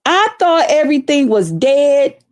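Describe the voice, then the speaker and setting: Slow-talking, profane woman ranting. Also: sits high, no room sound, studio quality. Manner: profane, animated, dramatic. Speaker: vlogger. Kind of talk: casual storytelling rant.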